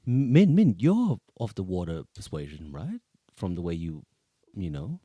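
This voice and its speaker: A man at a tabletop role-playing game with a playful, animated delivery. His pitch swings widely around a mid level, and the recording is dry. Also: moderate pace, breathy edge, dry recording, lo-fi sound. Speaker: player.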